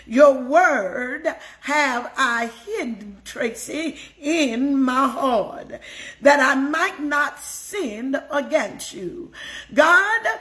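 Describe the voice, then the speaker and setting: Older woman preacher, high voice, slow and emotive delivery. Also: a bit bright. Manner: emotive, repeats phrases, greets viewers by name. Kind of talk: devotional sermon.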